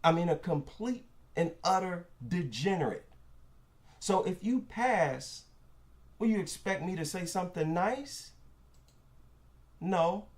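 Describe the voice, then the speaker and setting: A man with a high, lively voice delivers opinion commentary. He talks slowly and emphatically, with an indignant edge. He often repeats a line to drive it home.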